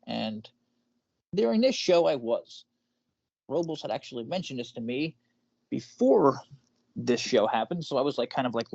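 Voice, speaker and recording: Animated, swearing male podcast host. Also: gravelly, breathy edge, dry recording, highs cut off. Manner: animated, swearing, jumps in pitch when excited. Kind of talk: casual podcast chat.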